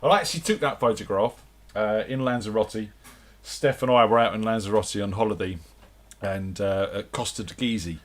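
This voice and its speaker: Chatty man, lowish voice. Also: moderate pace. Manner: chatty, rambling storyteller. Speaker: guest musician. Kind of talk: casual radio chat.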